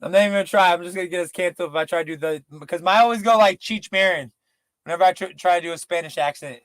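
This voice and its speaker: A man in casual, profane podcast chat, rambling and slipping into quick impressions. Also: sits high, a bit bright, no room sound. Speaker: podcast co-host.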